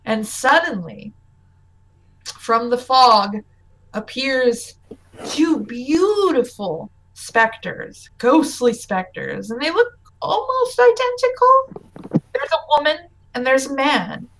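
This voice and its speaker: Brief: woman game master, high voice, chatty narration. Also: animated, slow pace, a bit bright, slight background noise, low-quality recording. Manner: chatty, with restarts and laughs.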